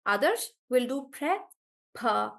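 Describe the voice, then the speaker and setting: Woman, fairly high voice, pronunciation teacher, live class, drawn-out repeated words. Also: very animated, gravelly, fairly bright tone. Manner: repeats each word slowly to model the stress; calls on students by name and checks in with them.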